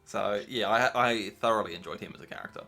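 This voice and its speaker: A man's voice: lowish voice, quick pace, vocal fry, bright, forceful tone, faint music behind. A man acting as game master, chatting casually about the campaign with frequent ums.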